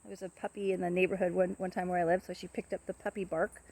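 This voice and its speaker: A woman casually talking to camera about her pet parrot, rambling softly with many fillers and restarts. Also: lowish voice, flat delivery, quick pace, slightly rough.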